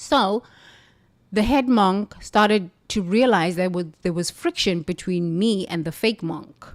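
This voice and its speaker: A woman's voice: mid-range voice, slow pace. A woman from the United States telling her own story in an emphatic, forthright way as a guest. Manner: emphatic, forthright, preachy at times. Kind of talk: conversational storytelling.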